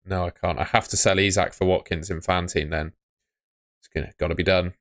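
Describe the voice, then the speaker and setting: A man's voice: low-pitched, steady tone, fairly quick, a bit bright, dry recording, clean studio sound. A young man hosting a live stream, chatting casually and muttering to himself as he sorts things out on his phone. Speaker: livestream host.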